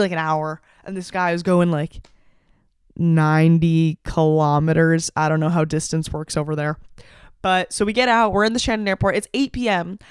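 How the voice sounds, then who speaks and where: A young woman in her twenties hosting a comedy podcast, telling a story in an animated, profane and self-mocking way. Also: mid-range voice, clear, resonant tone, no room sound, studio quality. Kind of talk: storytelling monologue.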